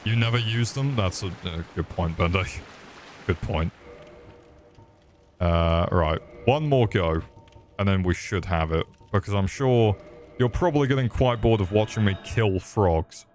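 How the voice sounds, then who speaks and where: A young British man giving live gameplay commentary, excitable and sweary as he chats with viewers. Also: on the low side, unhurried, faint music behind. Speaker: streamer.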